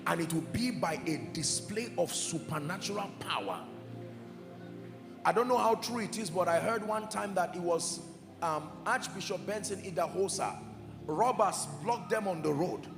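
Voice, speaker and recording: A man's voice: high-pitched, expressive, moderate pace, gravelly. Fervent preacher man in an echoey hall. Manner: fervent, emphatic, swings from shouting to hushed. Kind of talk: sermon. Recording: echoey hall with music behind. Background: soft music.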